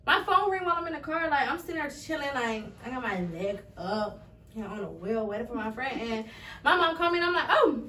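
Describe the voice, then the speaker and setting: Brief: a teenage woman with a slightly high voice, telling a family story with lots of energy, voicing what others said, laughing along. She is recorded from a distance in an echoey room with a faint hiss underneath. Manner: animated, acts out quoted voices, laughs often. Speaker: podcast guest.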